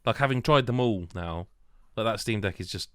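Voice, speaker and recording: British male podcast host, articulate radio-host voice, low register, dry close sound, rambling and self-deprecating. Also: normal speed, fairly bright tone, dry recording. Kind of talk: casual chat.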